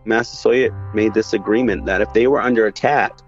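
Low-voiced man, matter-of-fact. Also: steady tone, fairly quick, dull audio, soft background music. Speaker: interviewee, Wampanoag community member. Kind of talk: explaining history in an interview.

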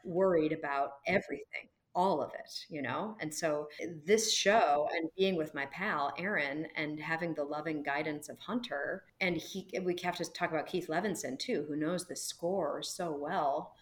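A woman who is a musical theater actress and singer, telling stories in a relaxed interview with emphatic, animated delivery. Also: low voice, normal speed, few pauses. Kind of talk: casual interview chat.

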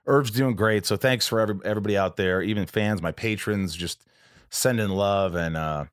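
Here a male podcast host chats casually at an ordinary pace, his fairly low voice clean and free of room sound in a clean studio recording. He tells a personal story earnestly and emotionally, rambling and frequently starting over.

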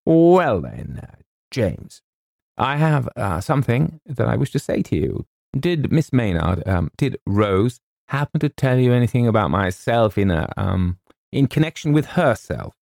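A man's voice: mid-range voice, big pitch swings, a little slow, creaky, darkish tone, dry recording, clean studio sound, pitched above the performer's own voice. A man doing a blustering old colonel. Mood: bluff. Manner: blustery, with stammered fillers and oaths. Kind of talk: audiobook character voice.

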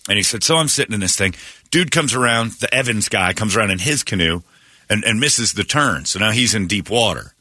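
A man with a low, bright, forceful voice hosts morning radio from a dry, close studio mic. He retells a story with excitement, slips into quoted voices and stumbles over restarts. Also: brisk, no room sound. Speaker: radio show host. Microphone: studio microphone.

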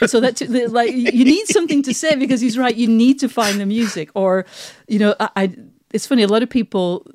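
A woman's voice: on the high side, brisk, darkish tone, no echo. Lady podcast host, chatty and rambly, dry studio sound. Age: middle-aged. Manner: chatty, laughing, trails off and restarts. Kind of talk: casual chat.

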